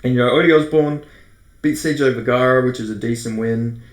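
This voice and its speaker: Australian male host, casual profane fight-picks ramble, mid pitch, roomy echo. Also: brisk. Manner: rambling, profane, self-correcting. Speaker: MMA predictions host. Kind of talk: casual fight breakdown monologue.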